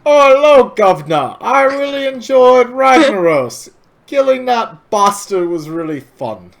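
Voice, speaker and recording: A jolly, stereotyped posh British gentleman, as a man puts him on, loud and pitched far above his usual talk. The delivery is broad and exaggerated for laughs. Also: big pitch swings, measured pace, creaky, exaggerated voice. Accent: mock British.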